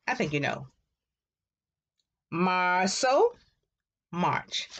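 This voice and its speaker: A woman teaching a Spanish class to young children, repeating words slowly in a sing-song way for them to echo. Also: lowish voice, big pitch swings, fairly bright tone. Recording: dull lo-fi classroom recording.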